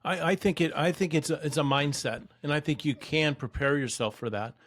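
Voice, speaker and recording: A man's voice: on the high side, fairly quick, fairly bright tone, dry recording. A man co-hosting a podcast in casual chat, telling stories in a folksy manner. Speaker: podcast co-host.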